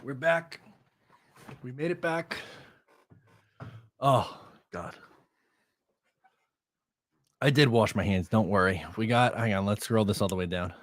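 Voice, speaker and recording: Guy doing a live stream, lowish voice, blunt and excitable, kinda winded, dry close mic. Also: slow, pauses often, dry recording. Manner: excitable, blunt, reacts to chat. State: out of breath. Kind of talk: casual live-stream chat.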